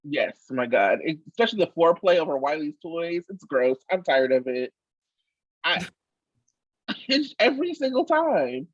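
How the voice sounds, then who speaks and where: A husky-voiced woman co-hosts a casual chat with a swinging, animated delivery. She talks emphatically and swears freely, and the sound is dry and slightly muffled. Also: sits low, normal speed, long pauses, no echo. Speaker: podcast co-host.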